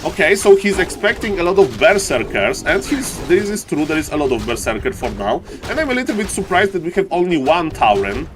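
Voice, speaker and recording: A man with a thick Polish accent commentates a live esports match from a home stream, animated and chatty with his viewers. His voice sits a little high for a man. A faint hiss runs behind him. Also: a little fast, hardly any pauses. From Poland. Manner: animated, repeats "ladies and gentlemen", jokey asides. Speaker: esports caster.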